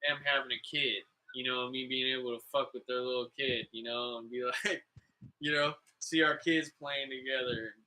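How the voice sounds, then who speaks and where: A man's voice: mid-range voice, steady tone, moderate pace, bright, forceful tone, rough recording. A man hosting a podcast, telling stories in a loose, casual way, swearing freely and filling his talk with "like" and "you know". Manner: laid-back, profane, calls people "bro"; rambling, full of "like" and "you know". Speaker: podcast host. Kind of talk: casual storytelling chat.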